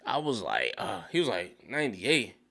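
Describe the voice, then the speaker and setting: Bright-voiced man animatedly recapping a show. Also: mid-range voice, normal speed, clear, resonant tone. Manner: animated retelling, acts out characters' lines, laughs often. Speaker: TV show reviewer. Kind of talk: casual recap commentary. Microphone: studio dynamic mic.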